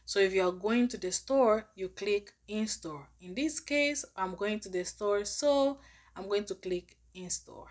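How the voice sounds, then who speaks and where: Woman vlogger, mid pitch, patient step-by-step explainer. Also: measured pace. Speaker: finance app reviewer. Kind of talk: tutorial vlog.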